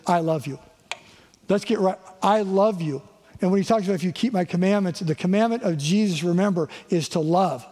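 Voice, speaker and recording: In a church sanctuary that sounds like a large hall, a middle-aged pastor preaches conversationally, frequently asking the crowd "right?" to check in with them. His voice is high and mellow.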